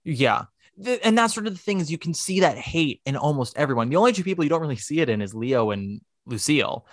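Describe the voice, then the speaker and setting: A man co-hosting a podcast in casual chat, animated and profane, acting out quotes in put-on voices. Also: fairly high pitch, fast, no room sound, clean studio sound. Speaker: podcast co-host.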